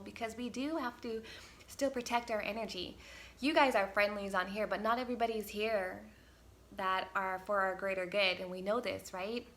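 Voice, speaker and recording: A woman's voice: mid-range voice, bright, forceful tone. A woman giving a casual spiritual vlog talk outdoors, upbeat and encouraging, rambling with many fillers and restarts. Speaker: spiritual healer and channel. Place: outdoors on a windy day.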